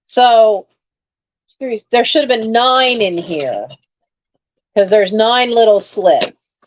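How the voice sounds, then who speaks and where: Slow and animated, a woman with a voice on the high side unboxes collectibles during a live online sale, chatting casually and exclaiming at what she pulls out. The recording's highs are cut off.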